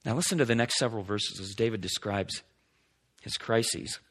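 A male pastor preaching a sermon, swinging between emphatic lines and hushed, slow passages as he reads scripture. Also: lowish voice.

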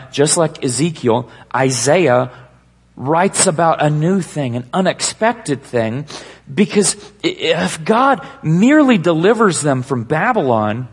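A man preaching a sermon to a live congregation, with an emphatic, slow, dramatic delivery. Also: on the high side, husky.

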